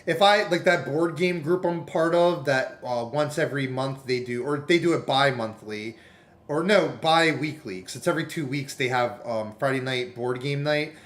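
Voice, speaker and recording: A man's voice: mid-range voice, moderate pace, fairly bright tone. A man streaming and chatting casually, rambling through anecdotes and putting on other people's voices.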